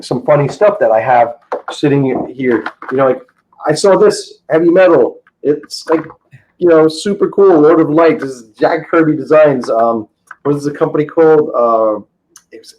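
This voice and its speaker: A man's voice: medium pitch, moderate pace, darkish tone, slight background noise, low-quality recording. Enthusiastic rambling man telling stories. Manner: rambling, enthusiastic, many restarts. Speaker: interview guest, comic book dealer. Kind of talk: casual podcast storytelling.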